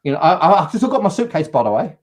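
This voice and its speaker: An English man hosting a live chat show, telling an animated story and acting out the people in it. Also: on the high side, quick pace. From England. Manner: animated, acts out quotes. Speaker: host.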